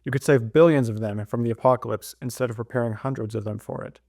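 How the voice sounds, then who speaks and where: A man's voice: mid-range voice, steady tone, fast, gravelly, darkish tone, dry recording, studio quality. A man reading a novel aloud, voicing a stern, blunt woman mission leader in his own plain voice with no accent. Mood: scornful.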